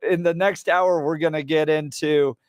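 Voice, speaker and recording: A man's voice: fairly high pitch, fairly even intonation, normal speed, clean tone, dry recording. A man co-hosting a talk radio show, reacting with amused comments from a studio microphone. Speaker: radio co-host.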